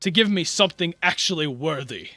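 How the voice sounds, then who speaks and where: A man's voice: on the high side, lively intonation, a little fast, pushed and bright, no echo. A man voicing a proud male human gladiator who throws out bold challenges. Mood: challenging.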